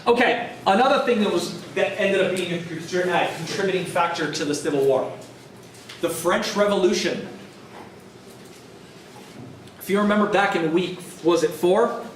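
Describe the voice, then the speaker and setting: A man's voice: sits high, moderate pace, slight background noise. A man giving a college history lecture in a casual, jokey way, acting out historical figures. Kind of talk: classroom lecture. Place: college classroom. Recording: echoey classroom from far off.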